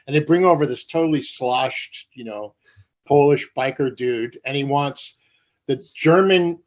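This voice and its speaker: A man's voice: mid-range voice, a little slow, lo-fi sound. A man in his sixties, a guest tattoo artist, telling profane stories casually in an interview and acting out the voices in them.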